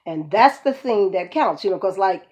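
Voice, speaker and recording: A woman's voice: medium pitch, lively intonation, normal speed, lo-fi sound. A woman with a mix of Northern and Southern American accents, telling rambling stories as a community host and laughing often. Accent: mixed Northern and Southern US. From United States. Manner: rambling, laughs often, speaks warmly to listener as "baby". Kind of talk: casual storytelling monologue.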